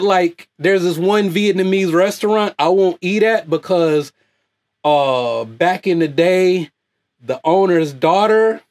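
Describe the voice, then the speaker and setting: A man with a high, lively voice rants loudly and off the cuff as host of his own online channel. He swears freely and laughs often as he talks. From United States. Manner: loud, animated, laughs often. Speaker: YouTube host. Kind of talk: profane off-the-cuff rant.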